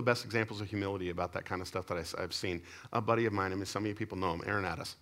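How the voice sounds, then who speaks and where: A man with a somewhat low voice delivers a sermon, weaving stories into his message. He jumps between loud emphatic lines and low, quiet asides, keeping the telling lively. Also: rapid-fire. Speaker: pastor. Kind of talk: sermon with storytelling.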